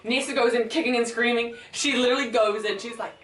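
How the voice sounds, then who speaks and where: Young woman gushing and swearing about a book, voice on the high side, roomy sound, bit far from the mic. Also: fast talker. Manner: excitable, rambling, swears a lot, acts out characters. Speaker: book vlogger. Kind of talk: casual book review vlog. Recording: echoey room, mic at a distance, faint music.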